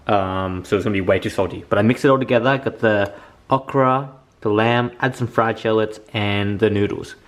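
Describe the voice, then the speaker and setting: A young man with a fairly low voice talks his way through cooking in his home kitchen. He is chatty and excitable and swears freely, as though speaking to friends. He is recorded on a camera mic. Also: normal speed. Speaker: vlogger. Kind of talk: casual cooking vlog.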